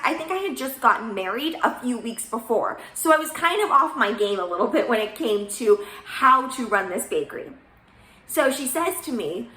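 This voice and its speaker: A young woman with a bright, ringing voice tells a story in a chatty, lively way, acting out the dialogue. Her voice sits a little high, and the room around her is echoey. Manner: chatty, animated retelling with quoted dialogue. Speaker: baker, channel host. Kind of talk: casual storytelling.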